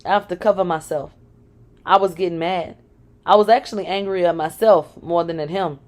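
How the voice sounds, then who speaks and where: A woman reads a first-person memoir aloud in a fairly low voice. She is frank, and she breaks in with dry, sarcastic asides. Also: fairly even intonation, moderate pace. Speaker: reader of a memoir.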